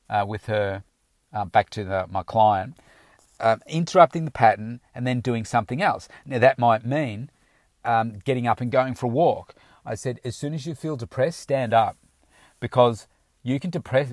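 A man's voice: medium pitch, darkish tone, no room sound. Emphatic male motivational coach, dry sound. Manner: emphatic, coaching, repeats affirmations aloud. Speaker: weight-loss coach. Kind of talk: motivational talk.

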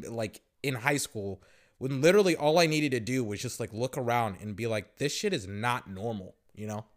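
A man's voice: medium pitch, lively intonation, fairly quick. A young man hosting a podcast, telling a story in a rambling, profane, casual way with lots of fillers. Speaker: podcast host. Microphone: podcast microphone.

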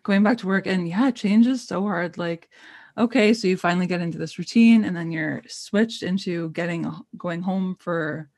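A woman's voice: on the low side, normal speed, darkish tone, no echo. A young woman co-hosting a casual podcast chat, encouraging and chatty with lots of fillers. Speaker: podcast co-host.

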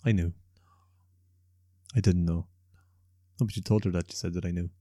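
A man's voice: low voice, steady tone, normal speed, mellow, no echo, studio quality. A man cohosting a casual chat, with teasing, short interjections. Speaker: podcast co-host.

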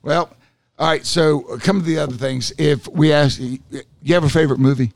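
Man, podcast co-host, gravelly, joking, halting delivery. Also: on the high side, fairly even intonation, no room sound. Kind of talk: casual chat.

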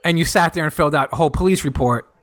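A man spinning a funny story in relaxed chat, with a fairly high, lively voice. He talks casually and jumps up in pitch whenever he quotes someone. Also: racing, a loud crowd.

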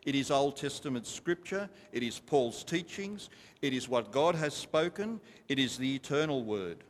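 A man's voice: medium pitch, animated, normal speed, slight background noise. A man preaching a sermon to a congregation, emphatic and repetitive, stopping to ask them questions. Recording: long reverb of a large hall.

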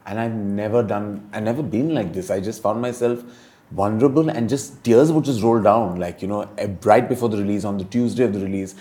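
A man's voice: lowish voice, brisk, warm tone. A middle-aged man with an Indian English accent, a film director speaking candidly and emotionally in an interview, full of fillers and restarts.

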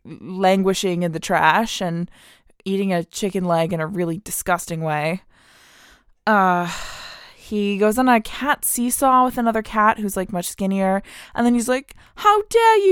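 A woman hosting a podcast, ranting in an animated, indignant way with frequent laughs and lots of "like". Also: medium pitch, clear, resonant tone, dry recording, studio quality. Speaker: podcast host. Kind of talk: podcast rant.

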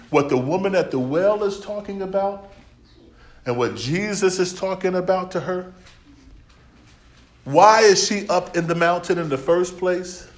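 A man's voice: high voice, echoey room. Folksy American preacher man. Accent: African American English. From United States. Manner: folksy, preaches in plain slang, jokes and laughs often. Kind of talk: sermon.

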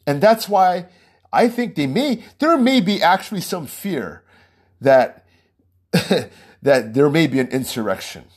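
A man's voice: high voice, slightly rough. A man hosting his own small podcast, giving a heated, rambling political monologue and laughing between points. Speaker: podcast host.

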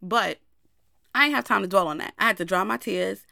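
Candid young woman with a bright, forceful voice. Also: medium pitch, a little fast, gravelly, dry recording, clean studio sound. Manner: candid, talks straight to listeners. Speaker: podcast host. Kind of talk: personal storytelling monologue.

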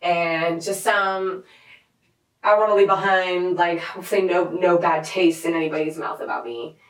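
A young woman in her twenties, a DJ, chatting casually on a podcast, animated and swearing freely. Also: lowish voice, moderate pace, echoey room, poor audio. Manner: animated, swearing, lots of likes. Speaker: DJ guest.

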